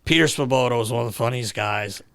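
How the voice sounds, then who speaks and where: A man co-hosting a podcast in a studio, telling animated stories with frequent laughter and swearing. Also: mid-range voice, fast, vocal fry, clear, resonant tone. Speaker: podcast co-host. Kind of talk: casual storytelling.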